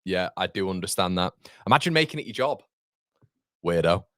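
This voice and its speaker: A man in his thirties hosting a live football watchalong, chatting with viewers in an animated, rambling way that jumps between laughter and fed-up rants. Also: low-pitched, a little fast, no echo, studio quality. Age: 30s. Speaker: fan channel host.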